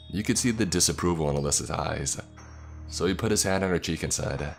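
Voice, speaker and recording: A man narrating a first-person horror story in a slow, measured way. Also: extremely low pitch, creaky, soft background music.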